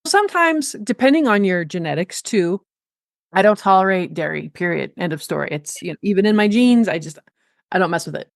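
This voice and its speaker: A woman's voice: on the low side, animated, fairly quick, gravelly, no room sound, studio quality. A woman guest on a podcast interview, a nutrition coach talking in a blunt, emphatic way with casual swearing.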